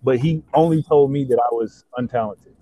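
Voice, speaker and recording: A young man in casual chat, excitable and slangy, swearing and stacking fillers as he talks. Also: medium pitch, brisk, dry recording. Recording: dull lo-fi sound.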